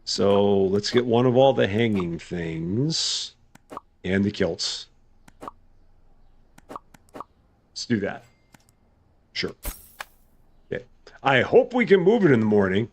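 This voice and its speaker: A man's voice: fairly low pitch, very animated, takes it slowly, long pauses. Chatty man streaming a game. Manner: chatty, thinking aloud, good-humored. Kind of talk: casual live gameplay commentary.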